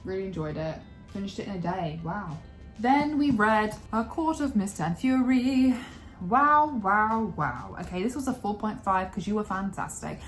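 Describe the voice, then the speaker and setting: A casual woman vlogger talking through a book review at an ordinary mid pitch. She swears freely and slips into dramatic asides that act out her own reactions. Soft music plays faintly behind her. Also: lively intonation, normal speed. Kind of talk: casual reading wrap-up chat.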